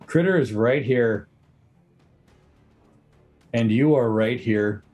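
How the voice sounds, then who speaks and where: A man narrating a tabletop game as its game master. He talks in a relaxed way and patiently explains the rules between stretches of scene-setting. His voice sits at an ordinary middle pitch. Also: takes it slowly, highs cut off, faint music behind.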